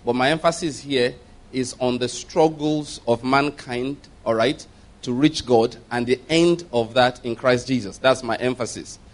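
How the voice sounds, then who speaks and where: A man's voice: mid-range voice, a little slow. A man preaching a sermon to a congregation in a conversational style, building to emphatic questions. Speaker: pastor.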